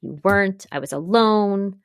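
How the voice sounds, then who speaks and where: A woman's voice: medium pitch, measured pace, clean tone, no room sound, studio quality. A woman co-hosting a podcast, chatting casually and retelling scenes with quoted voices. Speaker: podcast co-host. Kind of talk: casual recap chat.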